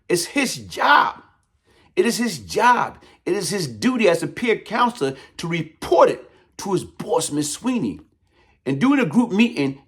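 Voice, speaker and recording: A man's voice: fairly high pitch, gravelly. A man delivering a heated, taunting call-out monologue in blunt street talk. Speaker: YouTube commentator.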